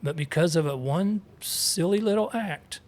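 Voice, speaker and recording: A man's voice: fairly high pitch, measured pace, a little mellow. A man co-hosting a casual Bible study, reading verses aloud and explaining Hebrew words with chatty asides. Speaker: co-host teaching scripture.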